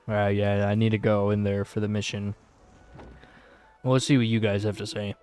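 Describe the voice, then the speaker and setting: A man's voice: lowish voice, flat delivery, moderate pace, long pauses, a little mellow, smooth, no echo, soft background music. A man streaming a game, chatting casually, giggling often and reading on-screen text aloud, sounding worn out. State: tired. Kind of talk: casual live-stream commentary.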